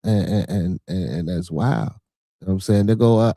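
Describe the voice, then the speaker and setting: A man's voice: low voice, moderate pace, warm tone, no echo, studio quality. A man hosting a livestream podcast, rambling in casual, profane chat and talking back to his viewers. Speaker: podcast host.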